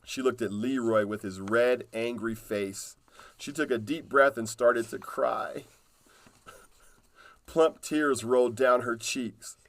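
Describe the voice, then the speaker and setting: A man reads a children's picture book aloud at a slow, easy pace. His storytelling is calm and unhurried, with a middle pitch.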